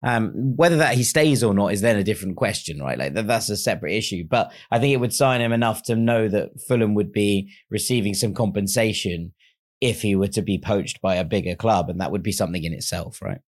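A man's voice: on the low side, a little fast. A man co-hosting a casual fan podcast, talking things through thoughtfully and hedging his points. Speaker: podcast co-host.

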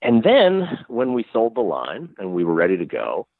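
A man talking as a guest in a conversational interview, animated and chatty with wry asides. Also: on the low side, moderate pace, no echo, narrow, tinny audio. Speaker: guest, crime fiction publisher and writer.

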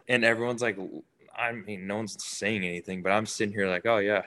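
A man's voice: on the low side, moderate pace. A young man, a baseball player, casually telling stories in an interview and acting out what others said. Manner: animated, acts out quotes of others.

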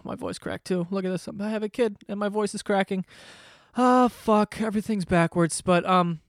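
A young man hosting a podcast, telling a rambling story in an animated, profane, casual way. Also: on the high side, clear, resonant tone, no room sound, studio quality. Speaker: podcast host.

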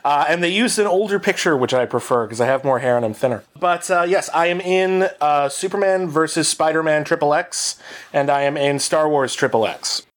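A man with a slightly high voice tells a long comic story on a podcast. He rambles and mocks himself, with lots of fillers and false starts. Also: a little fast. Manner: rambling, self-deprecating and animated, with many fillers. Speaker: podcast co-host. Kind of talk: casual storytelling.

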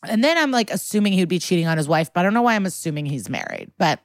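A woman's voice: on the low side, very fast, dry recording, clean studio sound. A woman co-hosting a podcast, casually recapping a TV episode and acting out the characters' lines. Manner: animated, acts out quotes with swearing and laughs. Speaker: podcast co-host.

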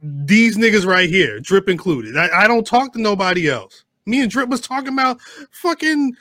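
A man with a high voice runs a rowdy podcast chat, loud and laughing as he cuts in over the others. The sound is close and dry, with no room around it. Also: animated, normal speed, dry recording. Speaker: podcast host.

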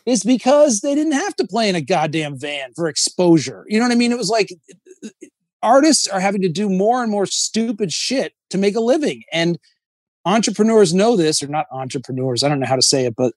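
A man talking as a comedian guest on a podcast, rambling and swearing, breaking into high sung bits. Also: lively intonation, brisk, no room sound, studio quality. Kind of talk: casual podcast chat.

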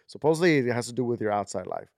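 A man's voice: mid-range voice, lively intonation, racing, dry recording, studio quality. A man in his thirties hosting a podcast, telling a long story in a casual, rambling way with lots of fillers. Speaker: podcast host.

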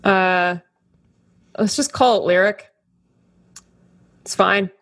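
A woman playing a tabletop role-playing game, talking in a blunt, deadpan way. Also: mid-range voice, slow pace. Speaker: player.

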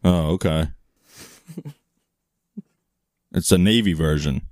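A man's voice: low voice, slow, darkish tone, dry recording, clean studio sound. A man co-hosting a casual comedic chat who makes crude jokes and laughs a lot. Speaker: podcast co-host.

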